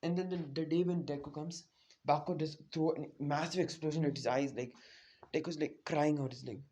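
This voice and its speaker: A man's voice: fairly high pitch, fairly even intonation, brisk, darkish tone. A man casually retelling a fan-made story, rambling with lots of fillers and restarts.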